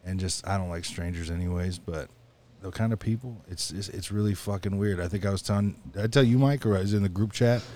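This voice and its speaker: A man's voice: deep voice, fast talker, warm tone, slight background noise. A man chatting casually with friends, telling stories, laughing a lot and swearing freely. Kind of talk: casual chat among friends.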